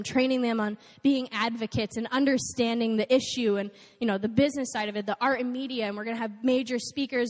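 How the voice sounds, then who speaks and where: A young woman giving an animated storytelling talk to an audience, acting out the voices of the people she quotes. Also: a little high. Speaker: nonprofit volunteer speaker. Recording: long hall reverb.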